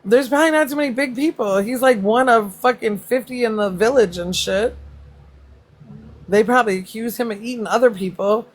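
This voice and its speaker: A woman's voice: a little high, brisk. Laughing, foul-mouthed woman livestreamer. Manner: laughs often, swears freely, loud joking asides. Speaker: livestream host. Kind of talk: casual live chat reacting to comments.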